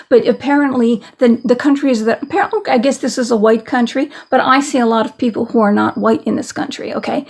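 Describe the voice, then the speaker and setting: Brief: indignant woman, gravelly rasp, slightly high voice, solo political rant. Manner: indignant, repetitive, restarts often. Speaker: video commentator.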